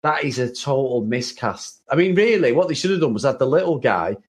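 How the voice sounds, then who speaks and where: A man's voice: mid-range voice, sing-song, fairly quick. A man co-hosting a casual chat about an old film, talking freely with many restarts and frequent laughs. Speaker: podcast co-host.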